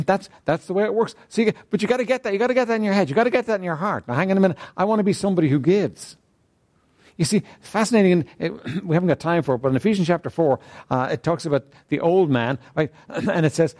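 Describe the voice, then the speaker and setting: A man's voice: high voice, lively intonation, fast talker, a little mellow. A man preaching a sermon who speaks emphatically, repeats key phrases and keeps asking the congregation "right?". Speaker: pastor.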